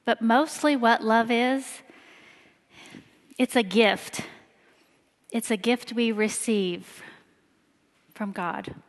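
A woman in her forties from Indiana, giving a personal talk in church with slow, emphatic storytelling. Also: fairly high pitch, fairly even intonation. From Indiana, USA. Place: church sanctuary. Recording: long hall reverb.

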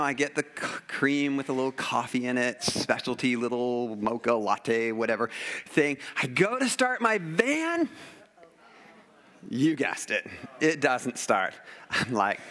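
A man's voice: mid-range voice, pushed and bright. A middle-aged man telling a family story in an earnest, rambling way, with many fillers and restarts. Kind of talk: casual heartfelt storytelling.

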